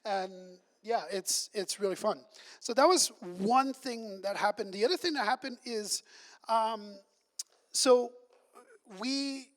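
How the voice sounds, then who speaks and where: High-voiced man telling camp stories. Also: takes it slowly, fairly bright tone, in a large hall. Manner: chatty, acts out quoted voices. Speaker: camp executive director. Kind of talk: storytelling ministry update. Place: church hall.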